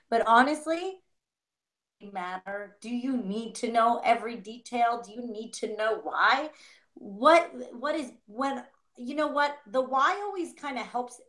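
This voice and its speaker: Animated woman reading tarot. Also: fairly high pitch. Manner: animated, acts out inner voices, laughs often. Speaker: tarot reader co-host. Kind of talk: casual spiritual reading chat.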